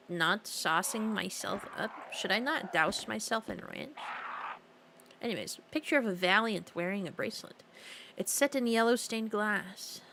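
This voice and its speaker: A young woman with a slightly high, sharp-toned voice chats casually with her viewers while streaming a game. She giggles often and wanders off topic as she reads their comments aloud, with a bit of background noise.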